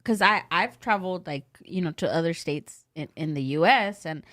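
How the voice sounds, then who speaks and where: A woman's voice: fairly low pitch, animated, moderate pace, a bit bright. A woman with a Californian accent, co-hosting a podcast in a chatty, laughing way with bits of Spanish. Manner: chatty, laughs often, slips in Spanish phrases. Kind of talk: casual podcast chat.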